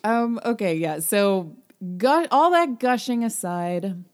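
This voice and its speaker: A young adult woman co-hosting a podcast in casual chat, animated and gushing. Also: takes it slowly. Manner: animated, gushing, acts out quotes in a high voice. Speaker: podcast co-host.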